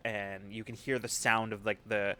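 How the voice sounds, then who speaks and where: A man's voice: fairly low pitch, flat delivery, moderate pace, bright, forceful tone, clear, resonant tone. A man running a tabletop game as game master, narrating scenes casually with plenty of fillers.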